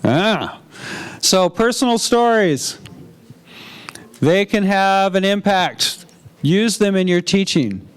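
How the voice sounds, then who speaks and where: A man's voice: high-pitched, lively intonation, takes it slowly, long pauses, clean tone. A man leading a teaching workshop, chatty and jokey, drawing answers out of the audience in a large room. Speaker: workshop presenter.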